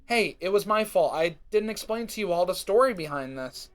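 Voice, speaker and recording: A man's voice: high-pitched, expressive, moderate pace. A man voicing a proud, blunt young female pony who hides her feelings. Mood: pleading. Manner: curt and blunt.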